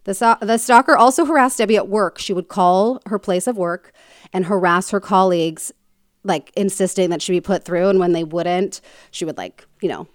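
A woman's voice: mid-range voice, moderate pace, no echo. Woman podcast host, chatty true-crime storyteller, filler-heavy and jokey, dry close sound. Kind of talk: casual storytelling chat.

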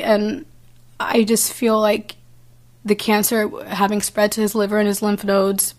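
A young adult woman telling a personal story as an interview guest, earnest and halting, with frequent restarts and fillers. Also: mid-range voice, monotone.

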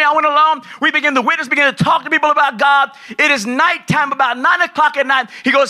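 A man preaching a sermon as pastor, loud and excitable, dropping from shouts to low asides and acting out the people in his stories. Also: quick pace, hardly any pauses. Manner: acts out dialogue in his stories. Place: large church hall at a conference.

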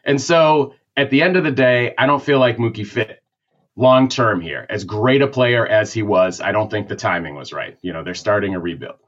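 A man's voice: lowish voice, normal speed, a bit bright. A man with a Boston accent delivers a rambling, opinionated rant in casual sports talk. The audio is dull and lo-fi. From Massachusetts.

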